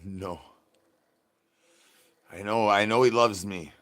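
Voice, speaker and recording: A man live streaming in a goofy zombie persona, rambling with sing-song rhymes and yelling at his chat. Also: lowish voice, steady tone, slow pace. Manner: silly rhyming and sing-song wordplay.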